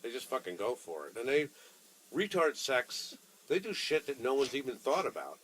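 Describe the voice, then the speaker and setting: Animated, profane middle-aged male storyteller. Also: medium pitch, normal speed, rough recording. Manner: animated, profane, acts out both sides of dialogue. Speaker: shop owner. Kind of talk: candid casual storytelling.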